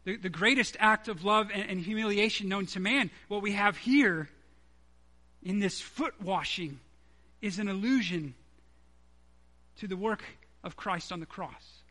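A man delivers a sermon in a high, bright voice. He speaks earnestly and conversationally, as if talking with his congregation, and leans hard on key words. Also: measured pace, long pauses. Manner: earnest, conversational preaching with emphatic stresses. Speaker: preacher.

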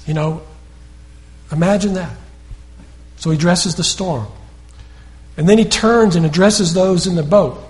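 A man's voice: high voice, darkish tone. A man preaching a sermon in a conversational storytelling way, often repeating words and restarting sentences.

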